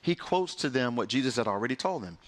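A man pastor delivering a sermon, preaching with passion and sharp swings in pitch and pace. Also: expressive, quick pace.

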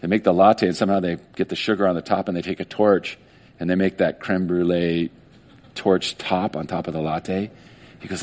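A man's voice: low-pitched, normal speed. Guy preaching a chill sermon, super conversational, keeps doing little voices for the stories. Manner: conversational and animated, acting out quoted voices. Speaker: pastor.

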